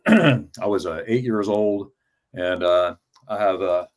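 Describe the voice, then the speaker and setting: Fifties male, lowish pitch, casual storyteller, stammers and repeats words. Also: slow pace. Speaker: travel vlogger telling his story as an interview guest.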